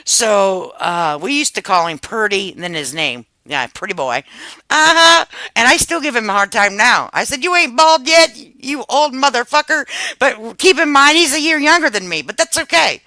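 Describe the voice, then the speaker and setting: A woman in her fifties hosts a casual livestream chat and tells family stories with frequent swearing and easy laughter. Her voice is bright, and her pitch swings widely as she talks. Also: very animated, normal speed, few pauses, no echo, rough recording. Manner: profane, laughing storyteller. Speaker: livestream host.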